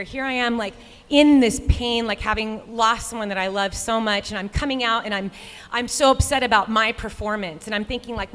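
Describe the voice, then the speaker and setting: A professional runner and guest speaker tells a heartfelt personal story to a live audience in a large hall, voicing her inner thoughts earnestly as quotes. Her voice is on the high side and fairly bright, at a moderate pace, with the long reverb of a live venue.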